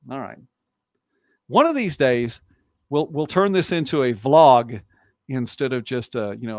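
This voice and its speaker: A man with a softened Southern US accent, hosting a casual live-stream talk show from a home studio and chatting loosely with viewers. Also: mid-range voice, dry recording. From born in Texas. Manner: chatty, rambling, reacts to viewer comments. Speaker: host.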